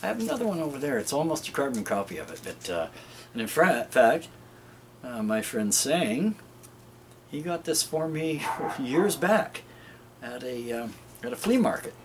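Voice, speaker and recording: A man's voice: mid-range voice, sing-song, moderate pace, slight background noise. A man hosting a casual show-and-tell garden vlog outdoors, rambling and chuckling often as he talks to viewers. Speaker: gardening video host.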